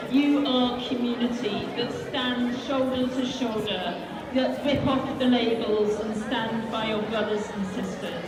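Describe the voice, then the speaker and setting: A woman with a slightly high voice delivers a declamatory rally speech, building her points through repetition. Her voice booms and echoes with a long trailing reverb over a loud crowd. It sounds like a distant public address system in an outdoor square. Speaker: rally speaker.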